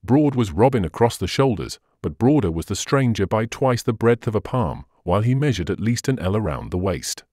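A man narrating an old adventure story with a low, lively voice that climbs and falls through each sentence. The read is close and dry, with no room sound. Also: fairly quick, few pauses, dry recording. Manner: expressive storytelling. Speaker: audiobook narrator. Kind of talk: scripted narration.

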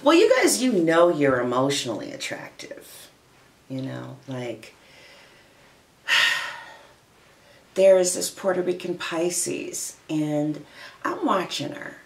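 A woman's voice: on the low side, big pitch swings, slow pace, pauses often, roomy sound. Playful, laughing woman tarot reader. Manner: playful, chatty, laughs often; addresses listeners as honey and darling. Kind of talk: casual tarot reading chat.

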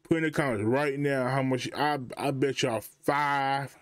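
A man's voice: medium pitch, fairly even intonation, measured pace, clean tone, no room sound. A man hosting a reaction video, chatting loosely and laughing as he talks straight to his viewers. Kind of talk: casual reaction commentary.

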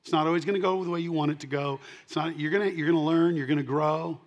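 A man preaching a sermon, his voice sitting a little higher than most men's. He moves from loud, punchy declarations to soft, low asides and repeats his key lines to drive them home. He sounds middle-aged and speaks as a pastor to his congregation. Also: steady tone, fast. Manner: emphatic, swinging between loud punches and quiet asides.

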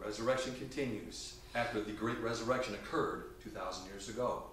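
A man preaching a sermon in a church, emphatic, swinging between loud and quiet. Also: on the low side, a little fast, slight background noise. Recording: echoey church hall from a distance.

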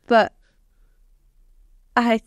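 A woman's voice: no room sound, studio quality. Wry sardonic Scottish woman. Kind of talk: casual podcast chat.

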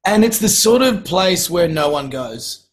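A middle-aged man, a guest telling casual anecdotes in a relaxed, chatty way and often clearing his throat. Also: high voice, a little slow, rough recording. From Australia. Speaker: guest, singer-songwriter.

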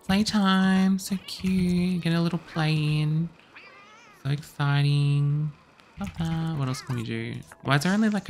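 Excitable man with vocal fry. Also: mid-range voice, a little hiss or hum. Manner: chatty, excitable, quick exclamations. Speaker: gaming YouTuber. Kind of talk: let's play commentary.

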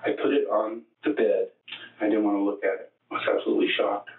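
A man with a low, monotone voice gives halting, matter-of-fact testimony in a police interrogation. He is heard from across the room on an echoey, tinny archive tape. His words come with frequent restarts. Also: recorded from a distance. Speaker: murder suspect under questioning.

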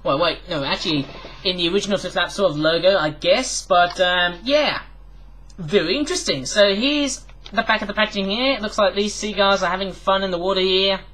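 A man's voice: sits high, a little fast, pushed and bright, poor audio. Man, from the UK, rambling toy-review vlogger, chatty, filler-heavy. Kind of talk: casual toy review vlog.

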